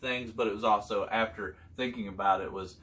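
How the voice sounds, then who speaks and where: An older man telling his son hunting stories from years back, in a halting, casual way with many fillers. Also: on the low side, steady tone, fairly bright tone. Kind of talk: casual storytelling chat.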